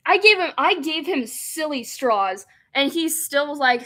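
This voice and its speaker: A young woman streaming a game, reading its text aloud and chatting excitedly, often laughing and rambling. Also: high voice, unhurried, few pauses. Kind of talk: casual let's-play chat, reading game text aloud.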